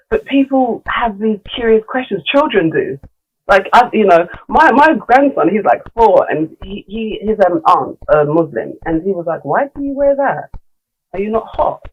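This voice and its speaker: A woman's voice: medium pitch, animated, a little fast, breathy edge. Middle-aged lady chatting on a podcast, open and rambly, kinda dull muffled sound. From London. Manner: candid and chatty, with many fillers and restarts. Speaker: guest, leadership coach. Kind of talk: casual podcast conversation.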